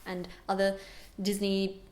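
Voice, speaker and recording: A young adult woman chatting casually to camera as a vlogger, animated and exclaiming. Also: mid-range voice, slow pace. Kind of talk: casual vlog chat. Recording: roomy echo.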